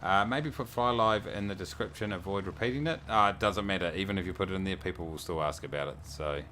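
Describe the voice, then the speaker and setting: Low-voiced New man chatting on stream. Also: fast, sharp tone, slight background noise. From New Zealand. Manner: chatty, reads viewer messages aloud and thanks them. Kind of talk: casual livestream chat.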